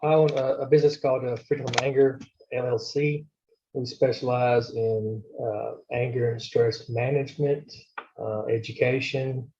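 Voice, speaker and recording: A man answering interview questions in a halting way, with many pauses and fillers, over a video call. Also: medium pitch, little pitch movement, a little mellow. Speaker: podcast guest, anger management educator. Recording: muffled video call audio.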